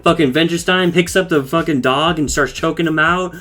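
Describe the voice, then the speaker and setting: A man's voice: a little high, fairly quick, sharp tone. A man casually recapping a cartoon episode for his podcast, talking loosely with lots of swearing and fillers. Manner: loose and profane, with frequent fillers and laughs.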